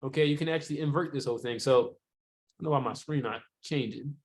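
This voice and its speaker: A man teaching sales technique in a relaxed, conversational way, often checking in with rhetorical questions and filler words. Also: mid-range voice, brisk. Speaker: sales trainer. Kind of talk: casual sales training talk.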